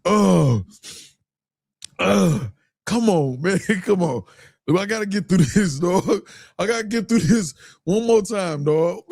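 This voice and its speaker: A man with a high, slightly rough voice speaks slowly, with vocal fry and long pauses. He hosts a live stream and reads out viewer super chats in a relaxed drawl, keeping the talk loose and slangy while often cracking up.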